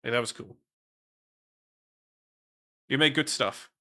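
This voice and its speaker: A man's voice: mid-range voice, slow, pushed and bright. A young man from the Netherlands with a Dutch accent, chatting casually on a stream and rambling while reading chat. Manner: rambling, swears casually, reads chat aloud.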